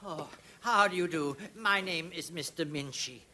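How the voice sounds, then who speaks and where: A man's voice: a little high, moderate pace, noisy background, lightly acted. An actor playing a nervous, insistent little old man who stammers, in a vintage radio play. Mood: nervously polite. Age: older. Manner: stammering, hesitant. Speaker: stranger at the door. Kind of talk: 1940s radio acting.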